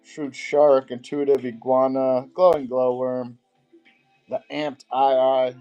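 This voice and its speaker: A man's voice: mid-range voice, little pitch movement, takes it slowly, warm tone, clear, resonant tone, highs cut off, faint music behind. A man hosting a live-stream auction, greeting viewers by name and rattling off card names.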